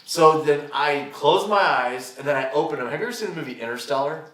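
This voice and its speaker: A young man, a podcast guest, telling a story in casual chat, animated and swearing freely as he acts out what people said. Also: a little high, brisk. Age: young adult. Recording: roomy, distant mic.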